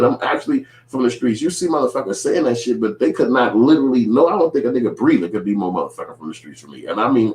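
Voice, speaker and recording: A medium-pitched man's voice rings out in a reverberant room during a casual reaction rant to camera. The speaker, an independent filmmaker and vlogger in his 40s from Chicago, uses profane and emphatic street talk.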